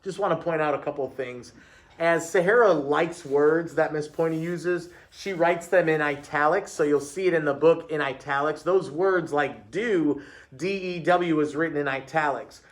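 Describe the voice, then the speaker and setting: A man's voice: on the high side, normal speed. A man working as a teacher, reading a book aloud to a class and patiently explaining it.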